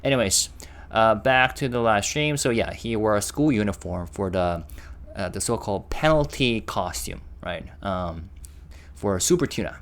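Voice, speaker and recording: Low-voiced man chatting through a reaction. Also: expressive, a bit bright. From Korea. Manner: chatty, pauses to react and translate. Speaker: reaction video host. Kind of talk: casual reaction commentary.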